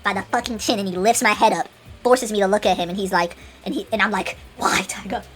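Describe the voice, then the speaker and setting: A woman's voice: medium pitch, fast. Brief: casual female storyteller, rambling and dramatic, faint music bed. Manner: rambling, with many restarts and dramatic asides.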